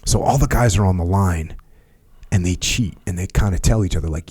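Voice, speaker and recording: Low-voiced middle-aged male podcast host. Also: a little fast, breathy edge. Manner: animated retelling, laughs often, reads a passage aloud. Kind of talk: casual conversational storytelling.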